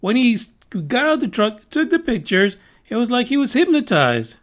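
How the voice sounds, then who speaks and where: Profane, high-voiced rambling podcast host. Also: male voice, sing-song, normal speed. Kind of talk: casual podcast monologue.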